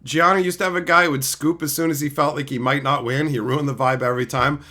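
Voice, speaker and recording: Middle-aged guy streaming, ranting and swearing, bright voice, pitch jumping all over. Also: quick pace, hardly any pauses. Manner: animated, profane storytelling, mimics people. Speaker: streamer reading chat. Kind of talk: casual live-stream chat.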